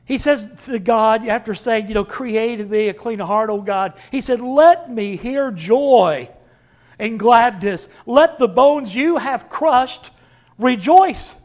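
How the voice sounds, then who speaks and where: A man preaching a sermon with dramatic swings from loud to hushed. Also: very high-pitched, slow pace. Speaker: pastor.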